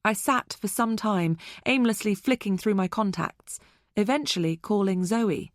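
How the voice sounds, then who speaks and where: A woman narrating an audiobook thriller in a measured, even storytelling manner. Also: mid-range voice, dry recording, studio quality. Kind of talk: scripted narration.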